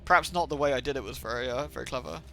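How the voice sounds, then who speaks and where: Here the voice is medium-pitched, racing, creaky, pushed and bright, with a little hiss or hum. It belongs to a man from the southwest of England, accent mixing Somerset and Birmingham, who rambles and curses freely as he streams a game from home.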